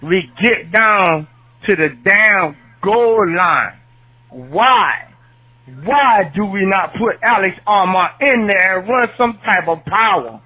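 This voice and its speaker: A man's voice: high voice, animated, slow pace, sharp tone, rough recording. A man calling in to a fan podcast, ranting with heated, profane complaints. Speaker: caller. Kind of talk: phoned-in fan rant.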